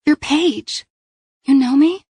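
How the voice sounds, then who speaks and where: A woman's voice: sits high, slow pace, mellow, no room sound, voice pushed up. A woman voicing a panicked, defiant runaway teenage girl in an audiobook.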